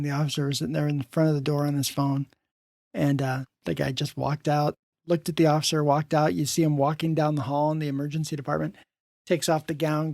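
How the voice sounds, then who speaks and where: This is a man hosting a podcast, chatting casually and telling a story with plenty of fillers and false starts. His voice has a gravelly, fry-heavy texture. It sits a bit high for a man, and the sound is close and dry. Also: darkish tone, no room sound. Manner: storytelling with many fillers and restarts. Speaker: podcast host. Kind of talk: casual interview chat.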